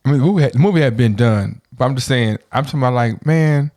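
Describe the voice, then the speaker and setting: A man's voice: medium pitch, fast talker, a little mellow. A man in his thirties co-hosting a podcast, rambling casually and tacking "man" onto his sentences. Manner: laid-back, rambling, says "man" a lot. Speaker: podcast co-host. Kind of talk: casual chat.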